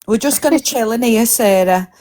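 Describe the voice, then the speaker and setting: A woman hosting a live stream, teasing and playful, firing off quick questions in casual banter. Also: on the high side, dark tone.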